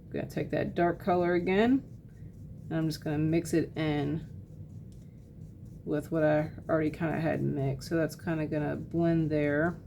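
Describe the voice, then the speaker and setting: A woman giving a casual painting tutorial, chatting loosely with fillers and quick apologies as she works. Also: deep voice, fairly even intonation, gravelly, dark tone, slight background noise. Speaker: art teacher.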